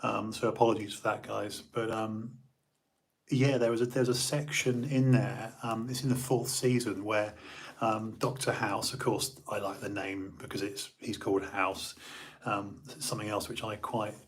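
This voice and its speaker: A man's voice: lowish voice, flat delivery, moderate pace. An English man hosting a livestream, chatting casually and rambling with lots of fillers and restarts. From England. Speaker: livestream host. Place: home.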